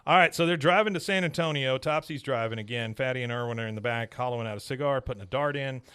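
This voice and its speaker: A man hosting a podcast, recapping a cartoon episode in a casual, animated way and chuckling often. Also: mid-range voice, fast, smooth. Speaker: podcast host.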